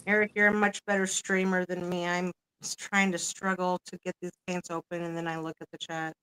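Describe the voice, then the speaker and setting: A woman's voice: on the low side, level tone, brisk, bright, forceful tone, smooth, rough recording. A woman hosting a casual crafting livestream, chatty and swearing casually as she works. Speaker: livestream host. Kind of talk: casual chat while crafting.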